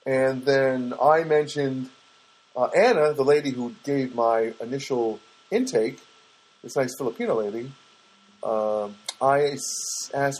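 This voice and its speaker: Husky guy rambling to the camera, lots of uh and um, wry little asides. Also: medium pitch, unhurried, a little mellow, low-quality recording. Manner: hesitant, many fillers and restarts, wry asides. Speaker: vlogger. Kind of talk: rambling casual monologue.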